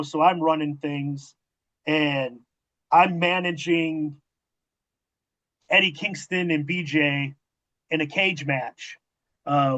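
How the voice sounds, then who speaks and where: A man hosting a wrestling interview, telling backstage stories casually, with profanity and acted-out dialogue. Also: on the high side. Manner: profane, animated storytelling with quoted dialogue. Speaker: podcast host and former wrestling manager. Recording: dull lo-fi audio.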